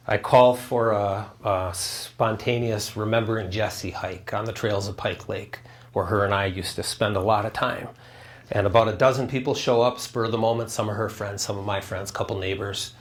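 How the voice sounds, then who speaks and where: A man telling a personal story to a live audience, earnest, acting out dialogue and asking the crowd questions, at times choked up. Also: lowish voice. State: choked up, near tears. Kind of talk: storytelling talk with a spiritual message.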